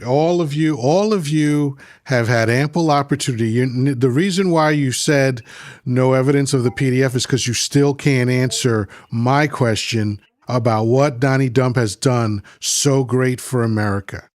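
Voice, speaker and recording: A man's voice: mid-range voice, moderate pace, a little mellow, no echo. A man hosting a livestream, reading chat comments aloud and arguing with them in a combative, mocking way, often repeating himself. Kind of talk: heated political rant.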